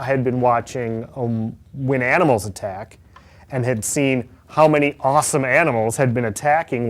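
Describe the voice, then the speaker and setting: A man co-hosting a comedy podcast, riffing jokes in a casual chat. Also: mid-range voice. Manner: animated, riffing jokes with silly put-on voices. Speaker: podcast co-host.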